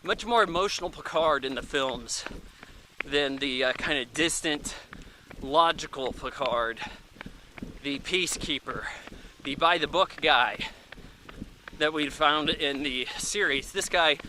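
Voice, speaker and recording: A man's voice: fairly high pitch, unhurried, noisy background. A man in his thirties giving a casual, rambling movie review, chatty and offhand, thinking aloud with plenty of fillers.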